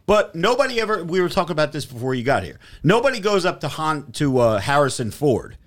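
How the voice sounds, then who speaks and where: Animated, swearing man hosting a podcast. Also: a little high, fairly quick. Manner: profane, animated storytelling with mocking impressions. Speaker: podcast host. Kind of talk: casual podcast banter.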